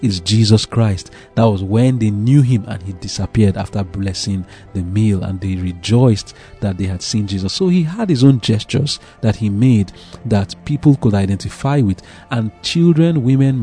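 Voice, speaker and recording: A man's voice: on the low side, warm tone. A man teaching a devotional Bible lesson, explaining scripture in plain words and asking rhetorical questions. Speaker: preacher.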